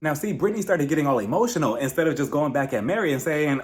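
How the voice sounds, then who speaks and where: A young man dishes on a reality show in a lively, mocking recap. His voice sits a little high for a man and swings widely in pitch. He acts out the cast's quotes and laughs between them. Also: fast, few pauses. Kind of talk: casual opinionated recap.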